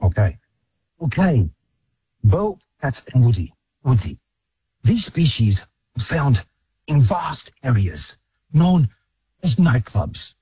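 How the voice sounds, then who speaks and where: A male caller doing an impression of an older nature documentary narrator with slow, drawn-out phrasing. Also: medium pitch, sing-song, mellow, slightly rough, no echo, heavily acted, poor audio. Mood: hushed solemn.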